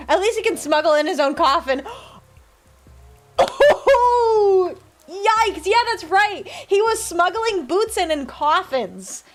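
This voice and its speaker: A woman streaming a game live, chatting playfully with viewers and reading the game's text aloud. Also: sits high. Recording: faint music behind.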